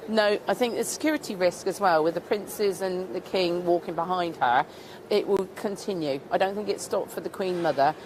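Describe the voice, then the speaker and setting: An earnest woman from Devon answers questions in a casual street interview. She speaks into a handheld mic on a city street, with street noise clearly audible behind her. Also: on the low side, moderate pace, a little mellow, low-quality recording. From Devon, England. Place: busy city street outdoors. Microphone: handheld microphone held out to her.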